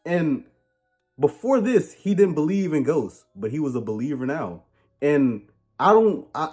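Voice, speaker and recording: A man delivers a comedic movie review in a husky, slightly raspy voice that sits a bit high for a man. His pitch leaps around constantly as he rambles, jokes and rants. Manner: animated, rambling, joking and ranting.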